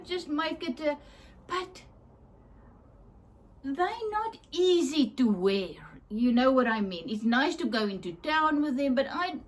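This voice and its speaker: Slow, high-voiced woman. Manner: chatty, enthusiastic, laughs often, searches for words. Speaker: craft vlogger. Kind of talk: casual show-and-tell.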